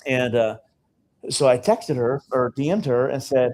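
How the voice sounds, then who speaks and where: A man's voice: mid-range voice, a little slow, a little mellow, poor audio. A man speaking on stage at a live seminar, telling stories in a conversational way and often checking in with "okay?". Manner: conversational storytelling, frequent "okay?" check-ins. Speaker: seminar speaker and business coach. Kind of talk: live sales seminar talk.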